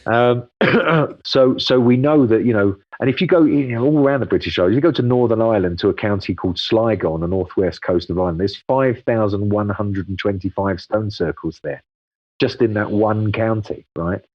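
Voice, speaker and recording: A man's voice: lowish voice, moderate pace, no room sound, highs cut off. A man, a guest expert in a casual interview, explaining patiently at length with frequent ums and restarts.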